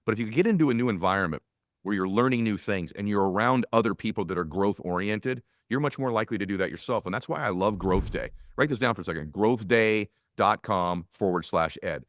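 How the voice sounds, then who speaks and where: A middle-aged man hosting a podcast, talking in an energetic, emphatic motivational way, reading ads and asking questions. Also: on the low side, brisk, dry recording, clean studio sound. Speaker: podcast host. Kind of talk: podcast interview and ad reads.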